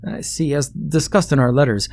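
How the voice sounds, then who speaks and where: A man's voice: fairly high pitch, normal speed, a little mellow, no echo, pitched above the performer's own voice, natural voice. A man putting on a fussy young scholar. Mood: formal, polite. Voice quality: hesitant, stammering with fillers. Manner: formal, courteous diction. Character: young fussy male royal scholar, pompous and polite.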